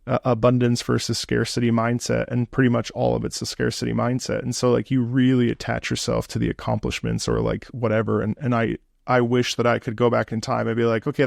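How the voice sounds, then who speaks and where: A man hosting an interview, chatting in an animated way with quick asides. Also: medium pitch, gravelly, no echo, studio quality. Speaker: interview host. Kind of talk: conversational interview.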